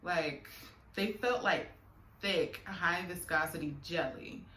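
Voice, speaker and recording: A woman's voice: fairly low pitch, takes it slowly, sharp tone. A young adult woman telling a personal story in a vlog, candid and emotional, often laughing, with many fillers. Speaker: vlogger. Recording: echoey room with faint background noise.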